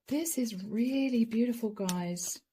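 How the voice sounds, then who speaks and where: A woman giving a channeled tarot reading to her viewers, earnest and emotional, often dropping to a soft whisper. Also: on the high side, takes it slowly, slight background noise. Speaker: tarot reader.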